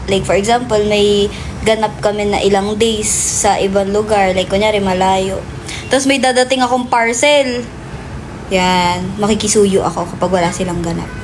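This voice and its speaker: A woman's voice: mid-range voice, steady tone, moderate pace, background noise. A young woman with a Filipino accent, chatting playfully and loosely with her viewers as a livestream host. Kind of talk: casual livestream chat.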